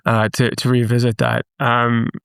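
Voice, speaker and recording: A man in his fifties from the production team, speaking candidly and haltingly about personal matters. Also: mid-range voice, monotone, creaky, a bit bright, clear, resonant tone, no echo, studio quality. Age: 50s. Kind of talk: podcast conversation.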